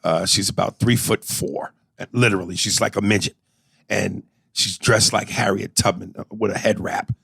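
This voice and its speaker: A man's voice: fairly low pitch, moderate pace, vocal fry, husky, no room sound. A man co-hosting a podcast, telling loose, profane stories in casual chat. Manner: profane, animated storytelling with impressions. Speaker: podcast co-host.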